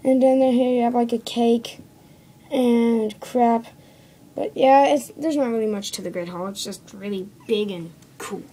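A woman's voice: fairly high pitch, steady tone, moderate pace, hardly any pauses, dark tone, slightly rough, poor audio. A woman giving a casual, rambling show-and-tell review of a toy set, often correcting herself and tagging lines with "okay?", recorded on a phone indoors at home. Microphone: phone camera.

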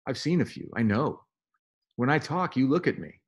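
A man's voice: medium pitch, sing-song, moderate pace, slightly rough. A man reading a novel aloud and voicing a curious, dreamy teenage girl who speaks eagerly and asks question after question. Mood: earnest. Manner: eager, wondering, full of questions.

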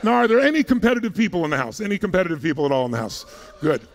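A man giving an energetic motivational talk to a live audience, punchy and casual, throwing rapid questions at the crowd and joking with a bit of profanity. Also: high-pitched, slight background noise. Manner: casual, jokey, a little profane. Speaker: motivational speaker. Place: large conference hall. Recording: long hall reverb.

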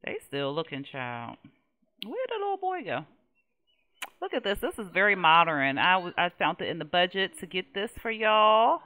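A woman's voice: on the low side, big pitch swings, normal speed, pushed and bright. A young woman, chatting casually and laughing as she plays a life-simulation game and talks to its characters. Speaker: game streamer. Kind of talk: casual Let's Play commentary.

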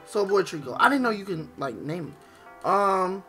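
Playful male let's-play host, slangy and animated, bright timbre. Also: sits high, moderate pace, faint music behind. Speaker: gaming YouTuber.

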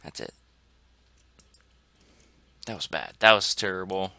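A man commenting excitedly on his gameplay as a gaming channel host, dropping to whispers and bursting into shouts. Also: sits low, slow, vocal fry, no echo. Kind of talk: let's play commentary.

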